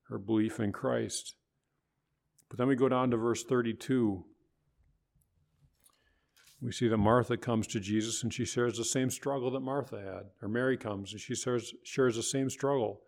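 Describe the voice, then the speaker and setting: A man preaching a sermon, quoting scripture, rising higher and louder when voicing others and dropping soft for gentle words. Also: gravelly. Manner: rises in pitch and volume for quoted voices, drops soft for tender words; preaching with biblical quotations.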